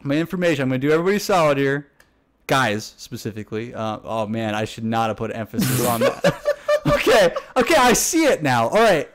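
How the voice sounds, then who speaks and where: A man's voice: medium pitch, sing-song, fairly quick. A young man co-hosting a casual chat, telling a story in a rambling, laughing way full of restarts. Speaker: podcast co-host.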